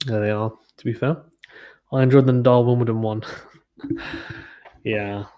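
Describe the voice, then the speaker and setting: A young man from Britain talks casually over a live tennis stream, reading out viewer comments in a chatty way. His voice sits in an ordinary middle pitch. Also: fairly even intonation, normal speed, lo-fi sound.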